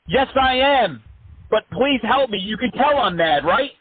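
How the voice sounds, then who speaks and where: A man's voice: very high-pitched, expressive, measured pace, pitched above the performer's own voice. A man playing a crude, aggrieved caller who exaggerates his complaint about slipping on a wet floor. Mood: whiny. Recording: phone-like line.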